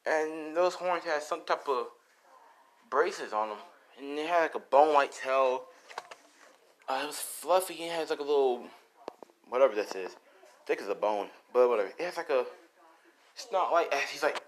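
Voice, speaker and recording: A man's voice: on the high side, a little hiss or hum. A young man casually narrating an improvised fan story, rambling with fillers and quoting characters in passing. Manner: rambling, with filler words and quick quoted character lines.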